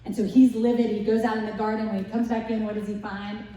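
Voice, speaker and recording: A woman giving a casual Bible lesson, retelling the story in a lively way with rhetorical questions to her listeners. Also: medium pitch, fast. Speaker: Bible study teacher. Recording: echoey room, distant mic.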